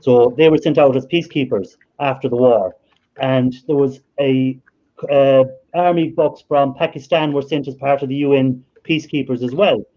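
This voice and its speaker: A man's voice: medium pitch, moderate pace, dull audio. An Irish man hosting a live stream, telling stories in a chatty way and laughing often. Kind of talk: casual storytelling chat.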